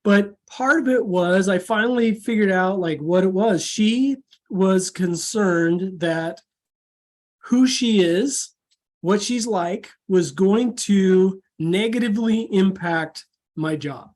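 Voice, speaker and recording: A man guest speaker on a video call, telling animated anecdotes and acting out the voices of the people in them. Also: high-pitched, takes it slowly. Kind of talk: storytelling talk on a video call.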